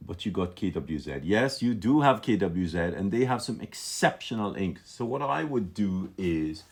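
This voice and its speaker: A man with a very deep voice talks through calligraphy letters on a live stream. He sounds enthusiastic and thinks out loud, repeating words and restarting as he goes. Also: animated, normal speed, gravelly, slightly rough. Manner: enthusiastic, musing, full of restarts and filler. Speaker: calligraphy teacher. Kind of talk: live-streamed lesson, casual commentary.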